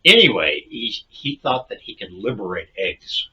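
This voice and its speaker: A man in casual comedic podcast chat, spinning rambling deadpan tall tales. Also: on the low side, moderate pace, dull audio.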